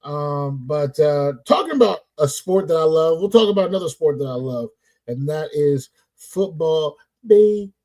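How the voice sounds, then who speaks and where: A man hosts a casual sports talk show with a high, mellow voice. He keeps things playful, hyping the show and stretching out his shout-outs to the audience. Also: lively intonation, normal speed, rough recording. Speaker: podcast host.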